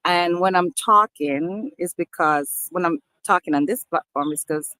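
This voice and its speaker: A woman's voice: fairly low pitch, unhurried, pushed and bright, dry recording, low-quality recording. A woman vlogger talking earnestly to camera, emphatic and repeating herself as she addresses her viewers as people. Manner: repeats and restarts phrases. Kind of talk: casual talk to camera.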